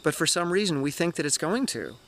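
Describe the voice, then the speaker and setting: A man in his forties giving a candid, energetic motivational vlog talk outdoors in the woods. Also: on the high side, fairly quick, slight background noise. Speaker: running vlogger.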